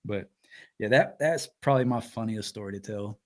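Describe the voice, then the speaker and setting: A man's voice: lowish voice, normal speed. A man, telling stories in casual podcast chat and acting out the voices of the people he quotes. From Alabama. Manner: animated storyteller, acts out quoted voices. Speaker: podcast co-host.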